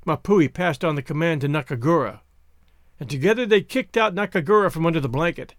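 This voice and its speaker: Man reading a story aloud, high lively voice, dry close sound. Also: a little fast, no room sound. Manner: expressive, dramatic storytelling. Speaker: narrator. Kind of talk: scripted narration.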